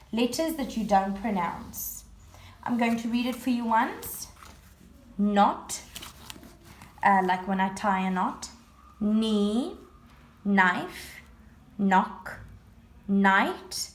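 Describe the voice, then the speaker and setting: A woman primary school teacher recording a home-learning lesson, patiently explaining words one at a time and repeating them. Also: medium pitch. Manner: patient, repetitive word-by-word explaining. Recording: roomy echo.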